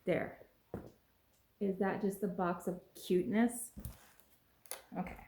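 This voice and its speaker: A woman vlogging as she unboxes a package at home, gushing and exclaiming excitedly over each item. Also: mid-range voice, takes it slowly, vocal fry, a little hiss or hum. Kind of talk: casual unboxing vlog. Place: at home with a pet. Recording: echoey room.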